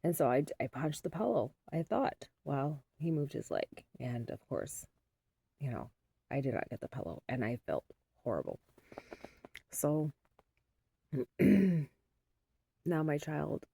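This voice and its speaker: A middle-aged woman talks through a casual vlog after almost no sleep. She rambles in a weary, unguarded way. Her voice is low, gravelly and mellow, and the sound is dry and close. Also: sing-song, unhurried, pauses often. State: sleep-deprived. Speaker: mother vlogging.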